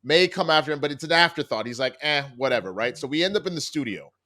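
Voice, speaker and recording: A man in casual conversation, walking through a TV episode scene by scene. He slips in and out of the characters' lines with lively swings in pitch. His voice sits a little high for a man. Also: fast talker. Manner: animated retelling with quoted character lines and laughs. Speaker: TV critic. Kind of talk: casual recap chat.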